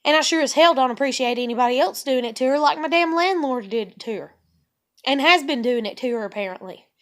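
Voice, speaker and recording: A woman's voice: high-pitched, lively intonation, fast. A woman, venting in an exasperated monologue full of rhetorical questions. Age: 30s. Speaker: vlogger.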